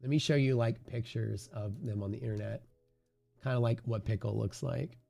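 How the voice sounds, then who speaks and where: A man's voice: medium pitch, moderate pace, gravelly, dark tone, no room sound, faint music behind. A man hosting a live day-trading stream, chatting casually in a rambling way, full of fillers and the odd swear word.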